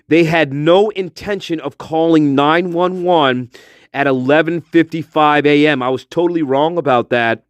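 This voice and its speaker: This man has a slightly high voice and talks at normal speed as he hosts a livestream. Into his phone he rants with anger and profanity, circling back to the same points repeatedly, and there's no echo.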